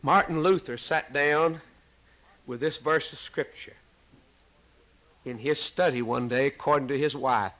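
Middle-aged preacher guy, slow delivery, big loud swells then near whispers. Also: medium pitch, rough recording. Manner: slow, dramatic preaching with sudden loud rises and hushed drops. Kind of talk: sermon.

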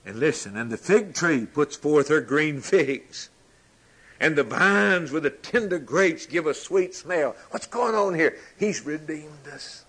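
A man preaching a sermon in a slow, rhythmic style, repeating lines and moving between loud declarations and hushed passages. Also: a little high, animated, husky.

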